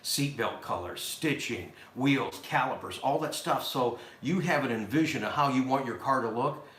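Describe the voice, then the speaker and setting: A Corvette salesman chatting casually, a quick storyteller who acts out his customers' lines. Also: mid-range voice, animated, fairly bright tone. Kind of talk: casual chat. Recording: echoey room with faint noise.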